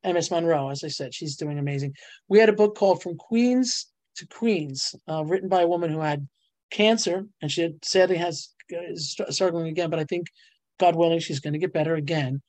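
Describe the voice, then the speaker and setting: Middle-aged woman, bubbly storyteller, dry close sound, animated guest. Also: on the low side, fairly quick, no room sound. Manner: bubbly storyteller, laughs often, voice jumps up on punchlines. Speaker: guest, ghostwriter and publisher. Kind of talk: animated casual interview talk.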